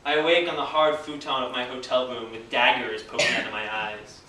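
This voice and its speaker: Male storyteller, wry and vivid, bright tone, recorded from a distance in an echoey room. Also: mid-range voice, fairly even intonation, brisk, slight background noise. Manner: wry, vivid, laughs at his own story. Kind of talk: live storytelling performance.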